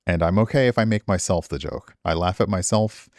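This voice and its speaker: A man's voice: low voice, fairly quick, no room sound, studio quality. A middle-aged man streaming, chatting with viewers in a rambling, self-deprecating way. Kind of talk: casual stream chat.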